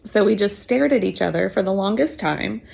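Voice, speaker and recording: A woman's voice: medium pitch, animated, normal speed, creaky, darkish tone, breathy edge. A woman in her fifties, a teacher, telling her own adoption story in an emotional, chatty way with fillers and laughs. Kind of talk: personal storytelling.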